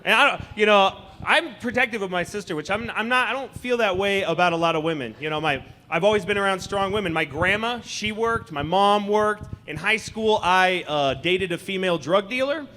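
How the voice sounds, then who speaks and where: Guy doing stand-up at a comedy club, high bright voice, bouncy and mocking. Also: a little fast, few pauses, slight background noise. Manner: animated, conversational, mocking.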